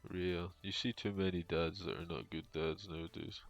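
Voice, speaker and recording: A man's voice: sits low, fairly even intonation, normal speed, gravelly. A man streaming a game from home on a headset, rambling casually with lots of fillers and dry jokes. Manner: rambling, filler-heavy, joking. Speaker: streamer and young father. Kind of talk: casual gaming stream chat. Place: home room. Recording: dull lo-fi sound with music behind.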